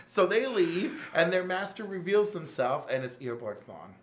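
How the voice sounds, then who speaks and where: A man co-hosting a casual comics podcast, retelling scenes with excited storytelling and quick jumps into character voices. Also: high-pitched, slight background noise. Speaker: podcast co-host reviewing comics. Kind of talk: animated casual chat, acting out scenes. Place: game store.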